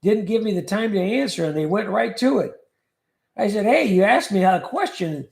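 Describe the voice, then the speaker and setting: A man's voice: sits high, lively intonation, normal speed, gravelly. A man hosting a livestream, casually chatting and joking as he reads viewer comments aloud. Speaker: livestream host. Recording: echoey room.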